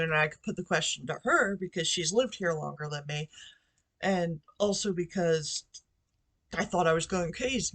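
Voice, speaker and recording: A woman vlogging from her bedroom into a computer microphone, telling a story casually with lots of fillers and side remarks. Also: lowish voice. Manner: rambling, chatty, with asides and fillers. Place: bedroom at home.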